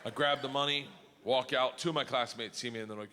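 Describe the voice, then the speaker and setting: A man telling a story as a stand-up comedian, animated and bursting into loud shouted punchlines. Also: medium pitch, a little fast, in a large hall, a crowd in the background, noisy background.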